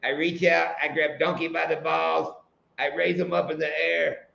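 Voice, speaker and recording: A man voicing a drowsy man napping by a wall, speaking slowly and unbothered in a joke. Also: a little high, level tone, creaky, sharp tone, reverberant, lo-fi sound, full character voice. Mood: deadpan.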